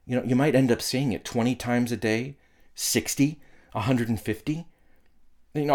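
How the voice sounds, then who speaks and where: Man preaching in a low, earnest voice. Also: a little mellow. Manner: earnest, conversational preaching with quoted prayers. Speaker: pastor. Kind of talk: sermon.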